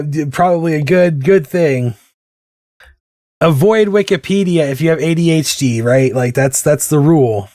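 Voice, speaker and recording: While drawing on a stream, a man with a fairly high voice chats in a rambling, tangent-prone way, often making fun of himself. There's no room sound on the recording.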